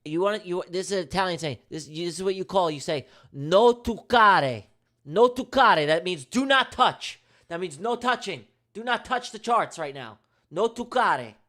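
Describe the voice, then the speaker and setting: Higher-pitched man, slangy live-stream banter. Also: fairly quick, few pauses, pushed and bright. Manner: slangy, emphatic, repeats himself; jokey banter with viewers. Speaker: live day-trading streamer. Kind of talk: casual live-stream commentary to chat.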